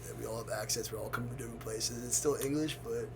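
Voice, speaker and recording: Excitable young American podcast host. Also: male voice, mid-range voice, fast talker, over music. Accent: Pittsburgh. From Pennsylvania, United States. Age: young adult. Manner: excitable, laughs often, rambling. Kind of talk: casual podcast chat.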